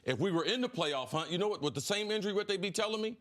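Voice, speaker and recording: A man's voice: sits high, lively intonation, racing, fairly bright tone. A middle-aged man arguing passionately in a sports debate show, emphatic and insistent. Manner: passionate, emphatic, preaching about commitment. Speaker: sports analyst.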